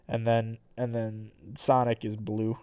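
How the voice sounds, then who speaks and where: A streamer reading a comic aloud in a rambling, deadpan way, repeating "and then". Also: mid-range voice, slow pace, clear, resonant tone, no room sound. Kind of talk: comedic comic-book read-along.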